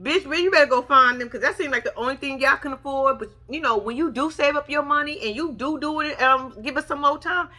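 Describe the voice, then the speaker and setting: A woman's voice: sits high, brisk, hardly any pauses. A young woman giving casual reality TV recap commentary, sassy and mocking as she acts out the people she talks about. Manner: sassy, animated, mocking imitations.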